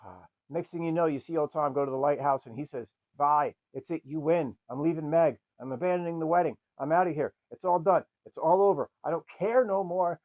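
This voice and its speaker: A man's voice: on the high side, fairly quick, few pauses, dull audio. A man casually recapping an old film's plot as a podcast host, acting out the characters' lines and swearing freely. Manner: repeats a stock phrase. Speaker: podcast host reviewing a film.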